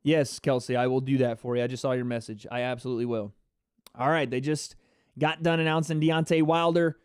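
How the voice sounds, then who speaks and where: A man hosting a live fight reaction stream, excitable and chatty, talking to his chat viewers. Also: mid-range voice, a little fast, smooth, no echo, clean studio sound. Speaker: livestream host.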